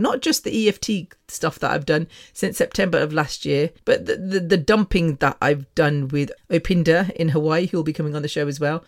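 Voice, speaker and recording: A woman hosting her own podcast in a casual personal monologue, frank and candid with mild swearing, rambling with frequent restarts. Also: low-pitched. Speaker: podcast host.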